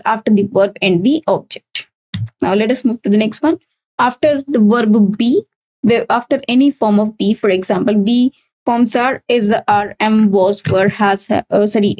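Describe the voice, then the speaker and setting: A woman with an Indian English accent teaches a recorded exam-prep English grammar lesson, explaining step by step, repeating key points, and often saying "okay." Her voice is a little high and a little mellow, and the recording quality is low.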